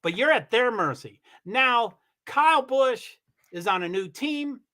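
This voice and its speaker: A man hosting a livestream, giving rambling, chatty commentary on a car race and swearing when he gets excited. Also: very high voice, unhurried. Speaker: livestream host. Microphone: computer mic on a streaming call.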